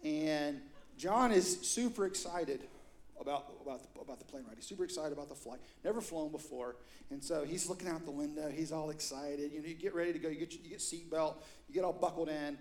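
A middle-aged man preaching a storytelling sermon in a church, animated and acting out quotes with sudden loud high bursts. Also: brisk. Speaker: pastor.

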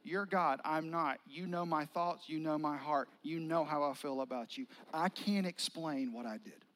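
An ashamed grown disciple pours out an earnest, broken-up confession, voiced by a male preacher. He pleads rather than argues. His voice sits high for a man. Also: moderate pace, fairly bright tone, slight background noise, close to an everyday voice. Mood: pleading.

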